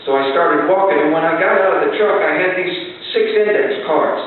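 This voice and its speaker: Male storyteller, folksy and animated, somewhat high voice, heard from afar in a hall, thin phone-like audio. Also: a little fast. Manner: folksy, animated delivery with shouted recitations. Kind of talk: storytelling to a live audience. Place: large hall with live audience. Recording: distant echoey hall, phone-like sound, faint hiss.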